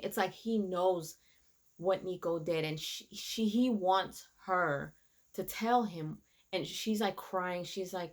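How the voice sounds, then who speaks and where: A woman in a casual episode recap, her voice sitting a touch low. She tells the story with animation, slipping into the characters' lines as she retells each scene. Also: slow pace. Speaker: reviewer.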